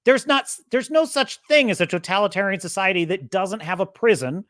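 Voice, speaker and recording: Animated man ranting on his podcast. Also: high-pitched, brisk, dry recording, studio quality. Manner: animated, emphatic, rambling with restarts. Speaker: podcast host. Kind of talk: casual opinion monologue.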